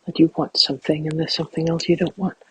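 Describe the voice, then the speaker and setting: A man speaking softly and reflectively as he guides a walking meditation outdoors in a field. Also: fairly high pitch, fast talker, slightly rough, poor audio. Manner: calm, reflective, soft-spoken.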